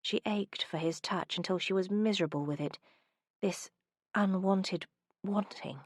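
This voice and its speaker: A woman narrating a historical romance audiobook in a soft, intimate way. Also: mid-range voice, a little slow, no echo, clean studio sound.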